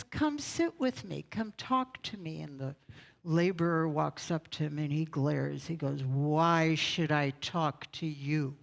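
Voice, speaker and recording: A woman's voice: on the low side, darkish tone, poor audio. A woman pastor giving a sermon, telling a story in a conversational way and checking in with her congregation.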